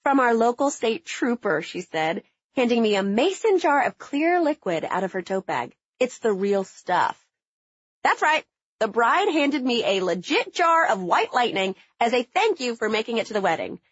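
A woman narrating her own memoir as a comedic audiobook, with an animated, wry, punchy delivery. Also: on the high side, normal speed, husky, dry recording. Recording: slightly dull, dry lo-fi audio.

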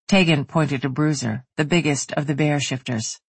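A woman reading a romance novel aloud as the narrator, in an even, steady way. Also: deep voice, moderate pace, slightly rough, no room sound. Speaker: audiobook narrator. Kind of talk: scripted narration.

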